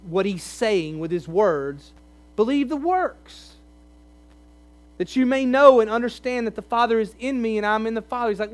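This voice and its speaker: High-voiced preacher with a faint hum. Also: male voice, animated, moderate pace. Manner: conversational, emphatic, pleading in places. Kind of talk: sermon.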